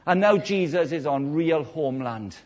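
Animated preacher with a husky voice. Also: male voice, normal speed. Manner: animated storytelling, acts out quotes with big swings in pitch and loudness. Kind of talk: sermon. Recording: dull lo-fi sermon recording.

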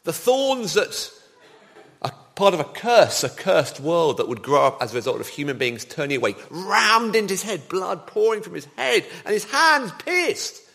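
A man preaching a sermon, his voice fairly high for a man and swinging widely in pitch. He leans hard on key words and throws rhetorical questions at the congregation. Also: sing-song, normal speed, vocal fry, sharp tone. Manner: dramatic, varied emphasis, rhetorical questions.

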